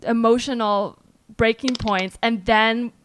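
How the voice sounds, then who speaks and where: A woman's voice: on the high side, fairly even intonation, slow pace, fairly bright tone, a little hiss or hum. A young adult woman hosting a podcast, chatting casually and acting out quoted back-and-forths as she tells a story. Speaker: podcast host.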